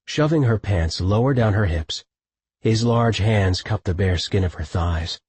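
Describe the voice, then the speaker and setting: Male audiobook narrator, husky, low voice, dry close studio sound. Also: animated, a little slow, a little mellow, dry recording.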